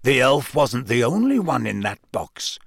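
A man's voice: medium pitch, sing-song, creaky, a bit bright, dry recording, studio quality, full character voice. A man reading aloud, voicing a grave, brooding adult man who mutters thoughtfully in a storybook. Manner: muttering, measured.

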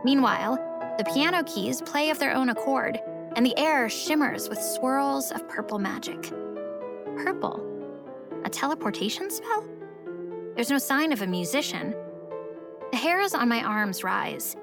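A woman narrating a first-person story in a wry, expressive way. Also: a little high, moderate pace, creaky, loud music behind the voice. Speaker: audiobook narrator.

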